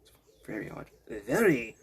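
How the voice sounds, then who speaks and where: A man's voice: mid-range voice, sing-song, moderate pace, slight background noise. A man voicing a fellow named George who claims to turn French-speaking, with a put-on French accent and a mock-earnest, rambling delivery.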